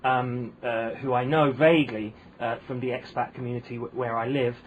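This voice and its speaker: A man's voice: mid-range voice, flat delivery, normal speed, narrow, tinny audio, a little hiss or hum. A man with a posh British accent, a comedian guest telling wry anecdotes in casual chat, full of ums and restarts. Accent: posh British English.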